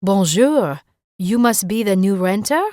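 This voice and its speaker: A woman's voice: medium pitch, animated, a little slow, warm tone, no echo, clean studio sound, close to an everyday voice. A woman voicing a friendly, cheerful female neighbor with a French accent. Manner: cheerful and gay.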